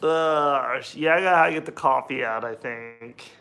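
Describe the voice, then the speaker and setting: A man's voice: medium pitch, a little slow, gravelly, pushed and bright, faint music behind. A young American man chatting casually on a livestream while cooking, rambling and greeting viewers by name. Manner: rambling, chatty, reads out chat names. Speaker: livestream host.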